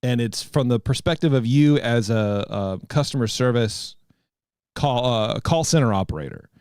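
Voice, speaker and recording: A man's voice: medium pitch, lively intonation, normal speed, a little mellow, smooth, dry recording, studio quality. A man in his thirties hosting a podcast, telling a rambling story in casual chat. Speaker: podcast host.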